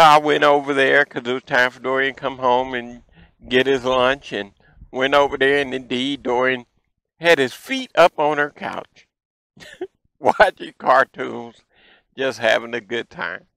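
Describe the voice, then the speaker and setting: A man in his fifties hosting a show, telling childhood stories in a folksy, animated way. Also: medium pitch, a little slow, vocal fry, smooth, dry recording, poor audio. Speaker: show host. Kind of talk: storytelling childhood memories.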